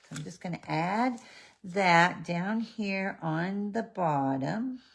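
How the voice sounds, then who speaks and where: A woman hosting a live card-making demonstration, chatty and unhurried, stopping now and then to talk to her pet. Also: lowish voice, creaky. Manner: slow, chatty, talks to her pet between steps. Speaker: stamping demonstrator.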